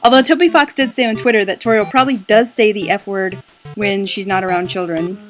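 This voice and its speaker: A woman's voice: medium pitch, fairly quick, faint music behind. A woman playing a video game and chatting casually to viewers, loose and a bit sweary. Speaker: let's play gamer.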